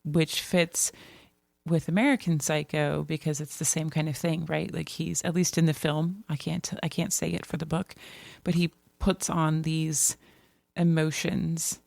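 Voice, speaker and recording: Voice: medium pitch, flat delivery, unhurried, creaky, no echo. A podcast co-host talking through a novel in a casual, rambling way, with many restarts. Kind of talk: casual book discussion.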